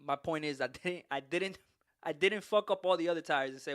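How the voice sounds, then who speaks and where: A man's voice: a little high, fairly quick, smooth, dry recording, studio quality. A man hosting a podcast, telling a long story in casual, profane chat and laughing as he goes. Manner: animated, profane, laughs through his story. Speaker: podcast host.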